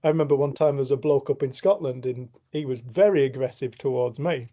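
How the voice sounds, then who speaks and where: A man's voice: mid-range voice, a little fast, mellow. A middle-aged man, telling a personal story casually to a discussion group and often laughing as he acts out what people said. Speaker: group facilitator.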